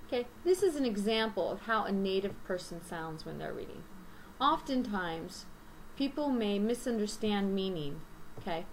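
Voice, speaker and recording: A woman teaching an English lesson, speaking slowly and deliberately and listing items one by one. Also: mid-range voice, expressive, a little hiss or hum, poor audio. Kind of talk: recorded grammar lesson.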